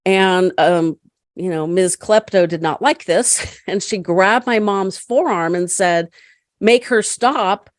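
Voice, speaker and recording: A woman's voice: on the low side, slow, no echo. Chatty woman telling a story, dry sound. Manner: chatty, animated, laughs often. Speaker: podcast guest, caregiver advocate. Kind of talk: storytelling in casual conversation.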